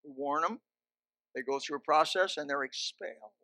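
High, bright-voiced preacher hammering commands. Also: male voice, normal speed, dry recording. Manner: emphatic, repetitive commands with joking asides. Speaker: pastor. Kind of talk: sermon. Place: church. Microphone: handheld or stand microphone.

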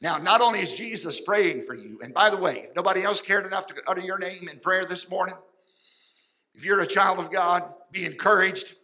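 Male pastor, folksy fervent sermon, bright tone. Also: high voice, fairly quick, rough recording. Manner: fervent, folksy preaching with sudden loud and soft swings.

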